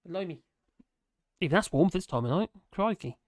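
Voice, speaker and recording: A hoarse man, hosting a casual live stream from home and chatting loosely as he reads out viewer comments. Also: sits high, expressive, fairly quick, dry recording, clean studio sound. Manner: rambling, chatty, self-mocking, hums to himself. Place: at home in France. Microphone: desk microphone.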